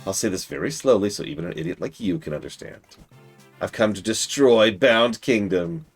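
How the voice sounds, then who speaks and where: A man reading game dialogue as an arrogant male villain, slow and haughty, speaking with contempt. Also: low voice, very animated, vocal fry, a little mellow, breathy edge, soft background music, heavily acted. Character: arrogant male villain servant of a nameless master.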